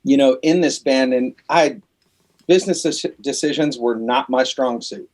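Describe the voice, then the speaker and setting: A man guesting on a casual podcast interview, telling animated stories in a loose, profane way. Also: mid-range voice, moderate pace. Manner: animated storytelling, swears freely, acts out quoted exchanges. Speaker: guest, rock band lead singer.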